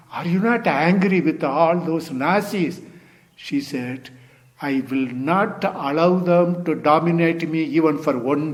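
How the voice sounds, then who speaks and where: Older Zen teacher giving a rambling talk. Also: male voice, fairly high pitch, a little mellow. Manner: meandering, repeats "you see" and "you know"; non-native English phrasing. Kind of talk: dharma talk.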